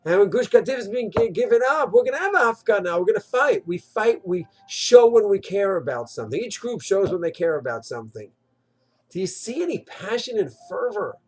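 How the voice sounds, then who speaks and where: A man's voice: high voice, a little fast, breathy edge. A man giving a short, impassioned Torah talk, asking rhetorical questions and mimicking others. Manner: rhetorical, animated, swings into mocking quoted voices. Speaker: Torah teacher. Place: Israel.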